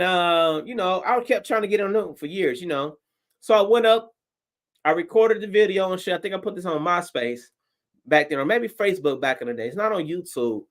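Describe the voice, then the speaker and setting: Telling a story on a livestream, this Detroit stand-up comedian has a high-pitched voice. The delivery is animated and full of profanity, with him acting out his own reactions.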